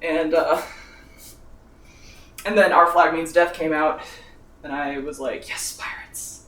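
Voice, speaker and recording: A man's voice: fairly high pitch, fairly even intonation, takes it slowly, fairly bright tone. A young man in his twenties chatting casually in a cooking vlog, tired and sick from sunburn, rambling and mocking himself, swearing often and laughing between phrases. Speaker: vlogger. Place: home kitchen while cooking. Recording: echoey room, voice from a distance.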